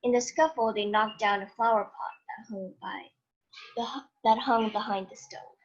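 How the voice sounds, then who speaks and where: Female student, dramatic read-aloud, higher voice, muffled call audio. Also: moderate pace. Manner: dramatic, expressive reading. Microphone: video call.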